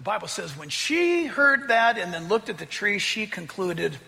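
Male preacher, sermon, bright gravelly voice, animated and joking, long reverb. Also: sits high, normal speed, hardly any pauses, faint music behind. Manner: animated, conversational, joking asides.

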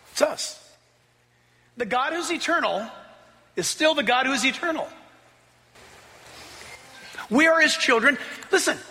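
A man preaching a sermon in an animated, conversational way, mixing scripture with joking asides. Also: very high voice, big-room sound.

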